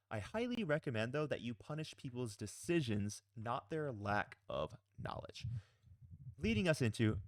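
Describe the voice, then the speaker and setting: Blunt, lively-voiced man giving game advice. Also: mid-range voice, no room sound. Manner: blunt, emphatic, mildly profane. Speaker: pro player and coach. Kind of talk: casual advice video.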